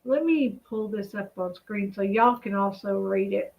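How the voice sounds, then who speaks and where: A woman's voice: mid-range voice, measured pace, gravelly, muffled recording. A woman hosting a home vlog, chatting casually and reading official text aloud, often drifting off to react to what she reads. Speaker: channel host. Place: home in a residential cul-de-sac.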